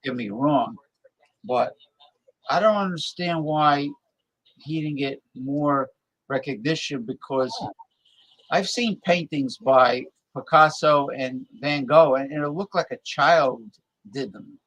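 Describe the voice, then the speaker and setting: A man's voice: fairly high pitch, slow pace, no echo, rough recording. A man hosting a casual talk show, rambling and sometimes losing his train of thought. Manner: loud playful calls to listeners. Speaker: show host. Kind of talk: casual chat.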